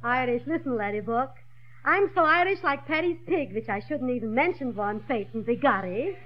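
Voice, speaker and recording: A woman playing a pushy, fast-talking lingerie shopkeeper in a 1940s radio comedy. She uses comically mangled phrasing. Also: extremely high pitch, sing-song, a little hiss or hum, full character voice. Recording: dull old radio broadcast recording.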